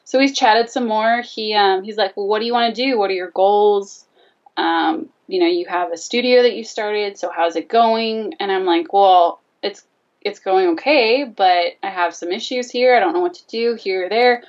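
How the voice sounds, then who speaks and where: A woman's voice: mid-range voice, normal speed, far from the mic, highs cut off. A woman telling a personal story in casual conversation, animatedly acting out both sides of the dialogue. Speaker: guest telling her story.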